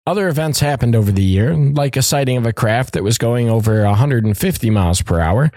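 A man's voice: mid-range voice, lively intonation, a little fast, a little mellow, no echo, studio quality. A man hosting a podcast who reads out a story in a casual way, with asides and joking and some swearing. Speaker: podcast host.

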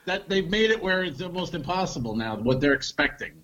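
A man's voice: high voice, animated, fairly quick, fairly bright tone, dull audio. A man co-hosting a comedy podcast, telling jokes and road stories in loose, casual chat and swearing freely.

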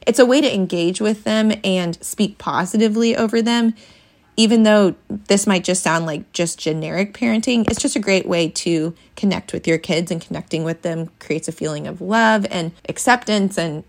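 A young adult woman hosting a parenting podcast, talking in a frank, chatty way and acting out quotes in a brighter voice. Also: medium pitch, normal speed. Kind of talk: casual chat.

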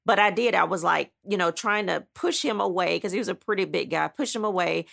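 Gravelly-voiced woman telling a dramatic story. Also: fairly low pitch, a little fast, fairly bright tone. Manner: dramatic, blunt, emphatic retelling with frequent asides. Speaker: author recounting her own story. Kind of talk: animated personal storytelling.

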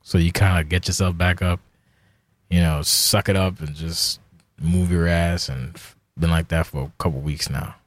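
A man's voice: deep voice, steady tone, moderate pace, no echo. A man in his forties hosting a casual solo podcast, rambling and profane, self-deprecating about himself. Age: 40s. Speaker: podcast host.

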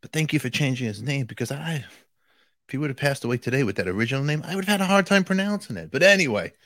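A man fronting his own channel speaks fast in a mid-range voice, joking and chatting directly with viewers in an animated way. The recording is dry.

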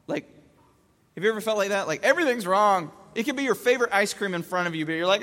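A man in his thirties telling a comic story about his young son, animated and jumping between voices. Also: sits high, quick pace. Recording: echoey hall.

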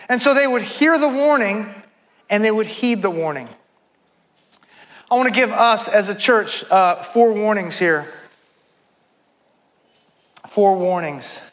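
A man delivers an emphatic sermon to his congregation. His voice sits very high, with a bright edge. Long reverb trails every phrase through a large church hall. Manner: emphatic preaching, rising into fervent quoted voices. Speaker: pastor.

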